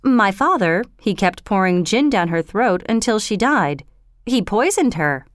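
A woman's voice: mid-range voice, very animated, a little slow, no echo, clean studio sound. A woman doing blunt young Cockney flower girl. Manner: blunt, slipping into rough grammar.

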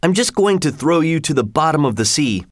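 A man doing a stern high-voiced old-tale fisherman. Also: sing-song, a little fast, no echo, studio quality. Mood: defiant. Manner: stern, declaiming. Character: boastful, triumphant poor male fisherman.

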